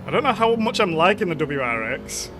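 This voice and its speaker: A man's voice: high-pitched, very animated, fairly quick, noisy background. Chatty man streaming a racing game. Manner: chatty, greets chat viewers by name. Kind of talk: casual live-stream commentary while racing.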